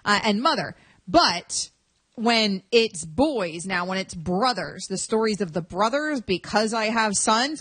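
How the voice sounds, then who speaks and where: A woman's voice: fairly high pitch, no room sound. Chatty woman sports radio host. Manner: chatty, animated, teasing. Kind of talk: casual sports talk.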